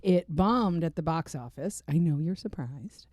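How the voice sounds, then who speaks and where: A woman co-hosting a casual podcast chat, easygoing and quick to laugh, reading out the show intro and figures. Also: low voice, animated, a little mellow, dry recording. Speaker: podcast co-host. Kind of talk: casual live-stream chat.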